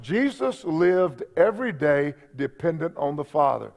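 A man's voice: a little high, sing-song, measured pace, creaky, darkish tone. A man preaching a sermon as pastor, folksy and humorous, repeating his points and talking to the congregation. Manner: preaching with repetition and audience asides. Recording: dull lo-fi church recording.

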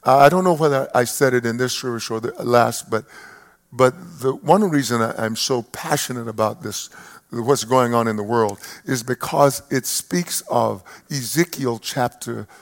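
An older male pastor in his seventies preaches to a live congregation. His voice is gravelly and mid-pitched, swelling into loud emphatic lines and falling back to quiet, personal asides. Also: normal speed. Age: 70s. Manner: rises to loud emphatic peaks, drops to soft reflective asides. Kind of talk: sermon. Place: church service before a live congregation.

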